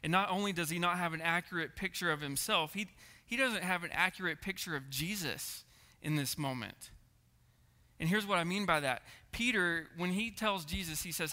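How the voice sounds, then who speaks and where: A man's voice: sits high, normal speed, sharp tone. A man preaching a sermon, earnest, repeating words and checking in with the congregation. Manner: earnest, repeats words and asks the room "right?". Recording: echoey hall reverb.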